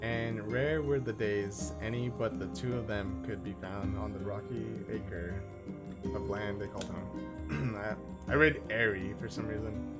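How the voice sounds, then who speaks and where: A man's voice: on the low side, a little slow. A male streamer reading game story text aloud, stumbling over words and laughing at his own slips. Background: game music.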